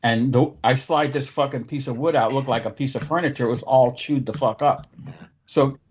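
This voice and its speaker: A man's voice: mid-range voice, steady tone, normal speed, darkish tone, slight background noise. Profane storytelling man, lo-fi sound. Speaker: podcast host. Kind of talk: casual storytelling chat.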